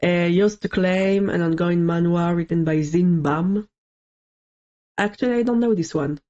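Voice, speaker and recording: A streamer co-host rambling through casual explanations, laughing often. The voice sits at a middle pitch. The recording is dull and lo-fi. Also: unhurried, darkish tone. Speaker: VTuber co-host.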